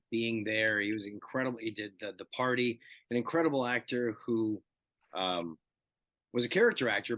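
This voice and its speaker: A man in his fifties, a guest actor in a casual interview, telling animated stories and acting out the dialogue. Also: fairly low pitch, no echo. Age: 50s. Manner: animated storyteller who acts out dialogue.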